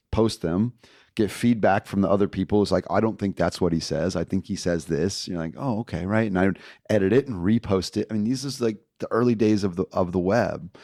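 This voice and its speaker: A middle-aged man from Indiana, a podcast guest telling stories from his past in a casual, animated way and acting out the people he quotes. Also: fairly low pitch, no room sound, clean studio sound. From Indiana, USA. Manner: animated storyteller, acts out quoted voices. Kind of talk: casual storytelling interview.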